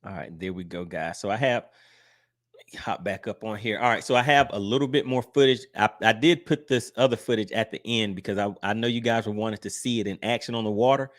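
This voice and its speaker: Guy chatting on a fishing livestream, kinda low voice, loose and rambly, dry close sound. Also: brisk, no echo. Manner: easygoing, rambling, many "all right"s. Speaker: fishing channel host. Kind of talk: casual livestream chat.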